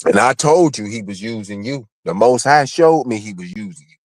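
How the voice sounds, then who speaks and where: A man's voice: fairly low pitch, lively intonation, moderate pace, no echo. A man on a livestream in heated, profane chat, bluntly calling out a rival.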